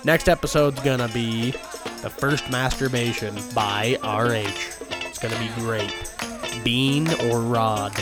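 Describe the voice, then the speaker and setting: A man's voice: medium pitch, steady tone, measured pace, loud music behind the voice. A man hosting a satirical comedy podcast, ranting crudely with constant profanity while he sounds sick. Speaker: podcast host.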